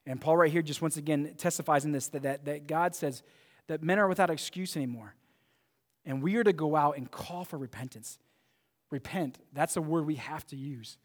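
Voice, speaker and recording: A pastor preaches to his church, his voice sitting a little high. He talks emphatically and often restarts his phrases. A long reverb hangs after him in the sanctuary. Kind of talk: sermon.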